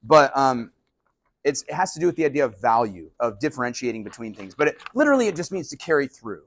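A male pastor giving a casual, animated sermon. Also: medium pitch, fast talker, no room sound. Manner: animated, conversational preaching.

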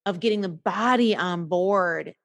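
Woman coach, forties or older, slow emphatic delivery, dry close sound. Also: fairly low pitch, no echo. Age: 40s or older. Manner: slow, emphatic, repeats phrases. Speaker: podcast guest, coach. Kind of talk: casual podcast conversation.

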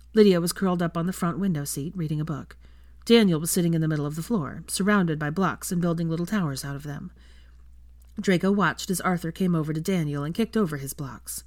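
A woman reading fan fiction aloud as steady audiobook narration. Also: low-pitched, dry recording, clean studio sound.

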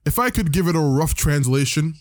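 A man's voice: on the high side, expressive, no echo, studio quality. Rambling, profane male podcast host. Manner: rambling, profane, acts out characters in quick voices. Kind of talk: casual comic recap.

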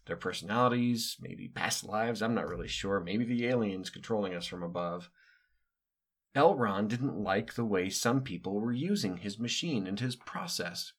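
Middle-aged american guy rambling through a story, low voice, dry offhand asides. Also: normal speed. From United States. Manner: wry, digressive, with offhand asides and hesitations. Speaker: podcast host recounting his upbringing. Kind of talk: casual monologue storytelling.

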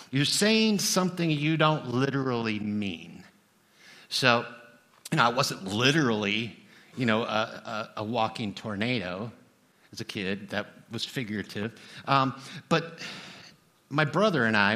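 Bright-voiced man preaching casually. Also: medium pitch. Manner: conversational, humorous asides to the congregation. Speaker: pastor. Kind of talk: sermon.

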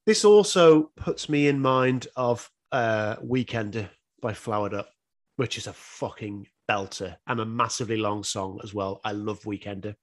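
A man in his thirties with a fairly low-pitched voice talks at normal speed while co-hosting a podcast. He's reviewing an album, keeping things casual, laughing a lot and swearing from time to time.

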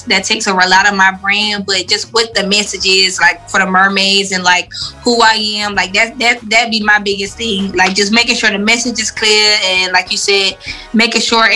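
A woman's voice: medium pitch, pushed and bright, rough recording. A young woman from Atlanta with a strong Southern accent, chatting casually as an interview guest and leaning on "like" a lot. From Atlanta, Georgia, US. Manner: loose, filler-heavy talk with frequent "like". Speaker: guest musician.

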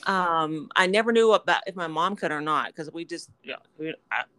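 A woman's voice: low voice, lively intonation, brisk, pushed and bright, clear, resonant tone, no echo. A woman co-hosting a podcast in casual chat, self-deprecating and laughing often. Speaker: podcast co-host.

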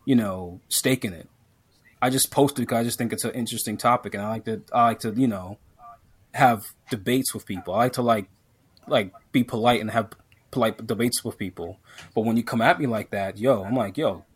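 A man holds the mic on a laid-back podcast and rants, tripping over his own restarts as he builds up steam. His voice sits at an ordinary middle pitch. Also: husky. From Jamaican heritage. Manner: animated ranting, many restarts and fillers. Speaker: podcast co-host. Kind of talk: casual podcast rant.

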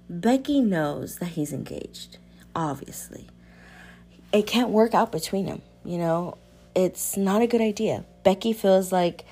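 A young woman casually recapping a romance novel for viewers, candid and animated, swearing freely, her pitch leaping up when she reacts. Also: a little slow, long pauses. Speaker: book reviewer. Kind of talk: casual book recap chat.

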